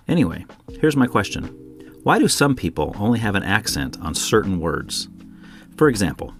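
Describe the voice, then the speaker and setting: Wry low-voiced male podcast host. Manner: wry, opinionated rant with rhetorical questions. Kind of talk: scripted monologue then casual chat. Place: home.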